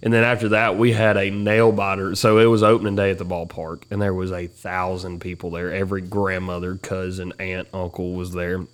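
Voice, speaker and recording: A man with a somewhat low voice trades stories on a casual podcast. He is animated and laughs often. He swears freely, like talking with close friends. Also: a little fast, few pauses, smooth. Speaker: podcast co-host.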